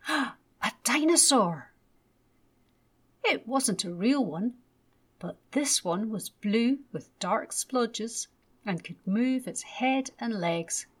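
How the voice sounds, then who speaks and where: A woman reading a children's bedtime story in an unhurried, gentle and expressive way. Her voice is soft and breathy, taking each line slowly. Her pitch sits in a middle range.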